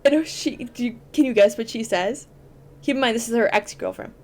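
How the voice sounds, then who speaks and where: A woman's voice: a little high, moderate pace, darkish tone. A woman hosting a podcast, chatting casually and explaining at length with enthusiasm and plenty of fillers. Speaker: podcast host.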